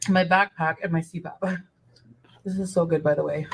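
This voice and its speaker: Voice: medium pitch, fairly even intonation, moderate pace, vocal fry, slight background noise, poor audio. A vlogger telling a rambling, chatty travel story while eating on camera. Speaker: vlogger in clip.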